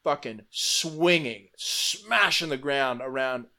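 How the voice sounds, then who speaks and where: A man casually retelling an epic fantasy battle, animated, swearing freely and acting out quotes. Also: mid-range voice, takes it slowly.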